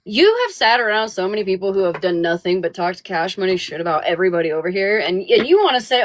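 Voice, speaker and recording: A woman's voice: medium pitch, expressive, dry recording. A woman hosting a live stream, chatting casually and rambling with lots of swearing. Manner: profane, rambling, quick to laugh.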